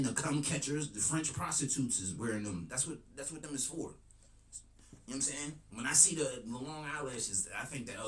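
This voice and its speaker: A man's voice: medium pitch, a bit bright. Joking man streamer in an echoey room. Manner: crude, joking, says "you know what I'm saying" a lot. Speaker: streamer reacting to videos. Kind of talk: casual commentary. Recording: echoey room with faint noise.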